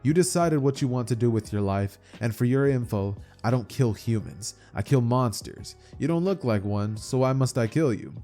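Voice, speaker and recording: A man's voice: mid-range voice, expressive, normal speed, hardly any pauses, warm tone, faint music behind, lightly acted. A man voicing a casual, unbothered young male hero who talks in an offhand way.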